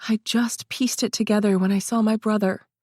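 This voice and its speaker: Woman as panicked heroine, higher, shaky, stammering, dry close. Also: steady tone, normal speed, mellow, dry recording, natural voice. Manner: raised, shaky, stammering pleading.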